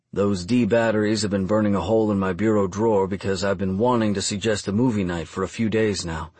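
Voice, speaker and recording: A young man reading a first-person audiobook in a calm, measured, reflective way. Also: fairly low pitch, dry recording. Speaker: audiobook narrator.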